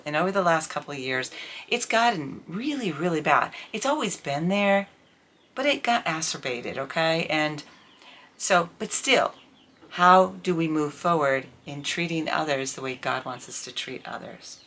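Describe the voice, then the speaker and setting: A middle-aged woman talking candidly to camera in a casual vlog, telling an indignant, animated story about her life. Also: deep voice, moderate pace. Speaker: vlogger.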